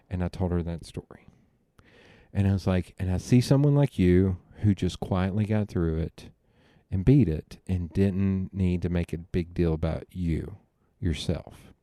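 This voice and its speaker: A man's voice: deep voice, normal speed, no echo, clean studio sound. A young man hosting a podcast, telling family stories in casual chat and acting out the voices of his relatives with laughs along the way. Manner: animated storyteller, quoting family with laughs. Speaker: podcast host.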